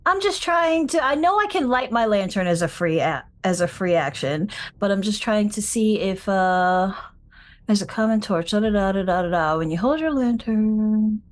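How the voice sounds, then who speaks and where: A woman's voice: medium pitch, lively intonation, moderate pace. A woman playing in an online tabletop game, talking casually while she searches for a rule and trails off into restarts. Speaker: player.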